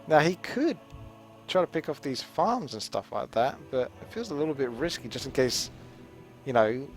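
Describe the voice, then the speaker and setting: An English man giving live game commentary in a relaxed, chatty, rambling way. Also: medium pitch. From England. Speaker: esports commentator.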